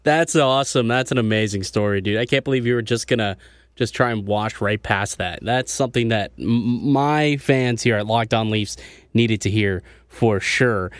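A man's voice: fairly low pitch, normal speed, no room sound, studio quality. A man hosting a podcast in casual chat, eager and chummy, laughing along with his guest. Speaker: podcast host.

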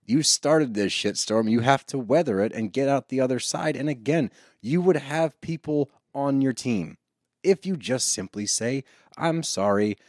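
A man hosting a casual reality-TV recap podcast, talking in an animated, sarcastic way and swearing freely. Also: medium pitch, unhurried, no room sound, studio quality. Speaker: podcast host.

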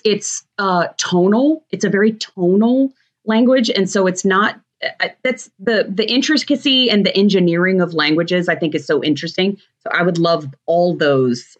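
A woman's voice: medium pitch, rough recording. A woman guest in a casual interview chat, telling stories and laughing easily. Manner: warm storytelling, laughs easily. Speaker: guest, TV shopping host.

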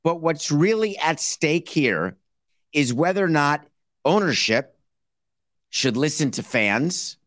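A man's voice: a little high, fairly bright tone, no room sound, clean studio sound. A man hosting a sports talk podcast, talking sarcastically and building his points like a mock courtroom argument. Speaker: podcast host.

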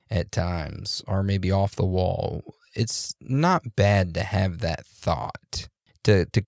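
A man co-hosting a podcast in a relaxed, joking way, reading out listener reviews with loose fillers and laughs. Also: deep voice, vocal fry, no room sound, clean studio sound. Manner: laid-back, laughs and jokes, loose fillers. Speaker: podcast co-host.

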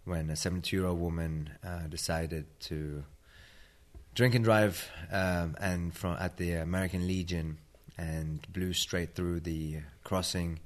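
A man from Sweden with a British-tinged accent, a tired interview guest speaking in a measured, matter-of-fact way. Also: sits low, little pitch movement. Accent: British-tinged Swedish. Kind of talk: interview conversation.

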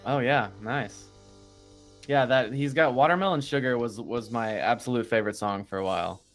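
A man leads a relaxed sports podcast, steering the talk with teasing jokes and frequent laughter. His pitch sits in an ordinary middle range. A faint bed of music runs underneath. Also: moderate pace. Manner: playful, jokey, laughs often. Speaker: podcast host. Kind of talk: casual sports chat.

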